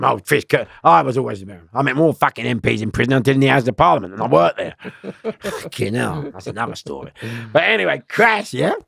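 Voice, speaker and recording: A man's voice: mid-range voice, vocal fry, a bit bright, husky, dry recording, studio quality. A middle-aged man, telling a story as an interview guest with free swearing, acting out the lines of the people in it. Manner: swearing freely, acts out other people's lines. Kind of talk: animated storytelling.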